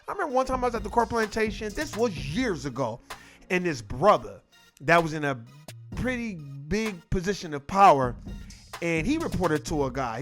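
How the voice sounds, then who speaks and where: A man's voice: fairly high pitch, fairly bright tone. A man giving casual opinion commentary, emphatic, profane and repetitive. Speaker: online commentator.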